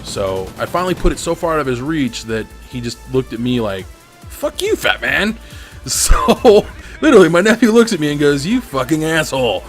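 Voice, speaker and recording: A man's voice: on the high side, big pitch swings, brisk, faint music behind. A man venting with lots of swearing while commenting over his gameplay. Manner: profane, venting, angry. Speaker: gaming commentator.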